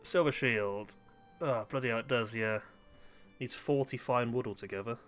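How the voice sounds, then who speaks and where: A man's voice: medium pitch, normal speed, a bit bright, faint music behind. A man chatting casually while playing a game, joking, swearing and laughing often. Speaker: gaming video host. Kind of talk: casual chat while gaming.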